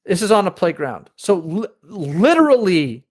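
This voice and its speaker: Male podcast guest, somewhat high voice, explanatory, many restarts. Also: sing-song, moderate pace, hardly any pauses, darkish tone. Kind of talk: conversational interview.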